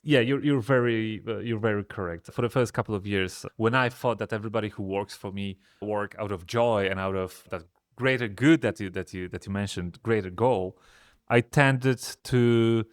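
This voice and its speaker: A man from Poland, a software company founder, talking through business lessons in a thoughtful, hesitant way, often restarting his sentences. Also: fairly low pitch, moderate pace, clear, resonant tone, no echo, studio quality. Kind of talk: casual business chat.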